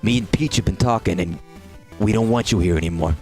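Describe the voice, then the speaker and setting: A man's voice: fairly low pitch, a little fast, darkish tone, faint music behind, close to an everyday voice. A man putting on a blunt, fed-up older brother brushing off his sibling. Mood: cold.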